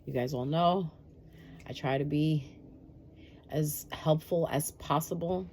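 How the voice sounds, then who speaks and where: Chatty woman with a lowish voice. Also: slow, a little mellow, slight background noise. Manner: chatty and reassuring, frequent "um" fillers. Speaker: astrology reader. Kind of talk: casual direct-address astrology update.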